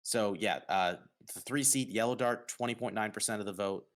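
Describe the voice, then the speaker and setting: A man from New York hosting a casual podcast, announcing results with dramatic pauses. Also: lowish voice. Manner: upbeat, dramatic pauses on reveals. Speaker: host.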